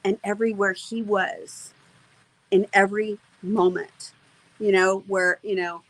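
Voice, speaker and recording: A woman's voice: mid-range voice, flat delivery, unhurried, fairly bright tone, rough recording. A middle-aged woman, an interview guest, telling a personal faith testimony in an earnest, emotional way, with many fillers and restarts.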